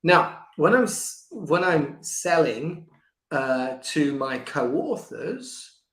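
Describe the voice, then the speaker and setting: An older man talks as a guest in a conversational interview, animated and quick to restart his sentences. His voice sits fairly high for a man. The room adds a noticeable echo. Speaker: guest, book coach. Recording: echoey room.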